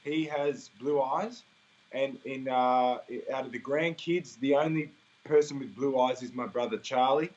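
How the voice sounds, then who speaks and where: A man's voice: medium pitch, a little slow, darkish tone, lo-fi sound. A young man with an Australian accent, chatting casually and laughing easily in an interview over a video call. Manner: easygoing, laughs often, rambling fillers. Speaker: interviewee, singer.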